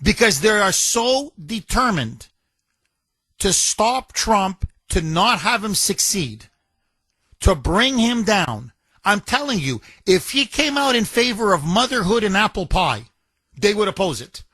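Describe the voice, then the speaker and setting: A man's voice: sits high, sing-song, a little slow, bright, forceful tone, no echo. A man hosting a talk radio show, delivering a combative, emphatic and mocking monologue from a studio microphone.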